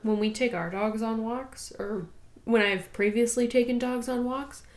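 A woman's voice: fairly high pitch, unhurried. A woman co-hosting a true-crime podcast, casually sharing her theory and chiming in with short agreeing replies. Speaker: podcast co-host.

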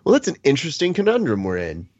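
A man hosting a sports podcast, leading the discussion in an expressive, playfully indignant way. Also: a little high, fast talker, lo-fi sound. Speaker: podcast host. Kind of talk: casual sports talk.

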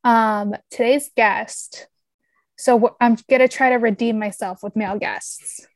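A woman's voice: a little high, steady tone, a little slow, no echo. A woman co-hosting a podcast in casual chat, giggly and rambling, poking fun at herself. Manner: giggly, rambling, self-deprecating. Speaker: podcast co-host.

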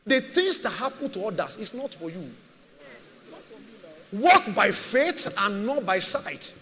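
High-voiced man preaching in a hall. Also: very animated, slow, bright, forceful tone. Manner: emphatic, repetitive preaching with rhetorical questions. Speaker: pastor. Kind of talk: sermon. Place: church.

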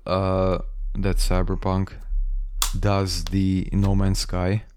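A man's voice: deep voice, monotone, drawn-out words, a little mellow, smooth. A man from Croatia in casual podcast chat, blunt and swearing. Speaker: podcast co-host.

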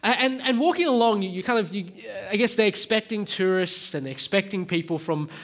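A man's voice: high voice, fairly quick. Casual Australian male preacher. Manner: relaxed, conversational, many ums and restarts. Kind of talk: sermon with opening prayer.

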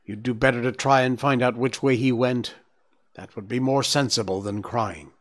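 A man voicing a grumpy, bossy older female deer in a storybook reading, grumbling in a slow, fussy manner. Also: medium pitch, fairly even intonation, close to an everyday voice. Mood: scolding.

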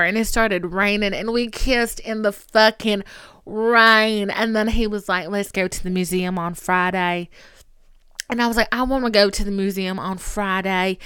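A young woman hosting a solo podcast, talking candidly in an animated, profane, playfully dramatic way. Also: medium pitch, clear, resonant tone, no echo, studio quality. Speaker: podcast host.

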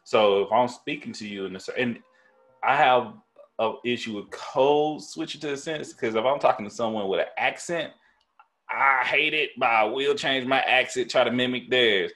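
A man with a deep voice telling stories in casual podcast chat, swearing freely and restarting his sentences often. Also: normal speed, pushed and bright. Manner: casual, profane storytelling with many restarts.

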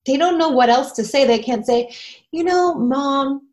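A woman co-hosting a parenting podcast, explaining ideas in a calm, advice-giving way. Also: sits high, normal speed. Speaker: podcast co-host. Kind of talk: casual parenting podcast talk.

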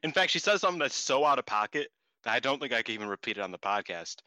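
Excitable guy cohosting a podcast, bright voice, dry close mic. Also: medium pitch, racing, dry recording. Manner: excitable, laughing, swearing, voice jumping up in disbelief. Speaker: podcast co-host. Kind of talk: casual chat recapping wrestling.

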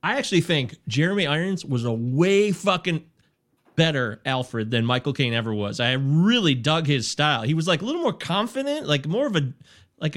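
A man's voice: on the high side, a bit bright. A man co-hosting a podcast, chatting casually and enthusiastically about movies, swearing freely. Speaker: podcast co-host. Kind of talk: casual chat.

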